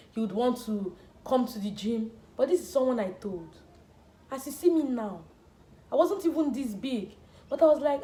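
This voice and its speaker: A woman's voice: fairly high pitch, darkish tone. A young woman vlogging to camera, talking earnestly and with emphasis, often repeating words as she makes her point. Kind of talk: personal talk to camera. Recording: echoey room.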